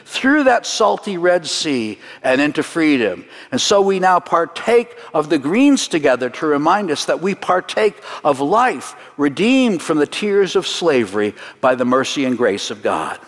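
A man teaching a congregation through a Seder, earnest and slowing down for solemn points, with light jokes along the way. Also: a little high, in a large hall. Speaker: messianic teacher leading a Seder demonstration. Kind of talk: sermon-style teaching to a congregation.

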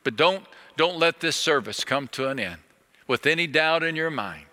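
A man preaching a sermon as a pastor, earnest and pleading, slowing down on key phrases. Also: on the high side, expressive, sharp tone, long reverb tail.

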